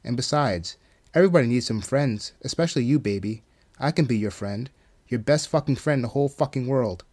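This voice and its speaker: A man's voice: medium pitch, expressive, a little fast, a little mellow, lightly acted. A man voicing a taunting male demon that croons and mocks with cruel menace. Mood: mock friendly.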